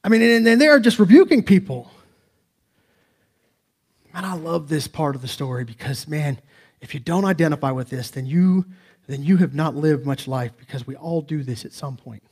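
Fervent pastor, slightly high voice. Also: male voice, moderate pace, pauses often, warm tone, breathy edge. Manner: emphatic, conversational preaching with rhetorical questions. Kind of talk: sermon.

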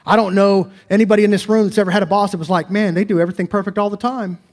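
Male pastor, slightly raised pitch; earnest, conversational sermon delivery with rhetorical questions. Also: steady tone, racing.

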